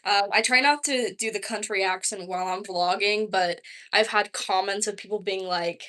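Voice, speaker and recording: A woman's voice: medium pitch, normal speed, a bit bright. A young woman around twenty with a Southern accent, chatting casually on a livestream, rambling with lots of "like" and "um". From Texas, US. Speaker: vlogger.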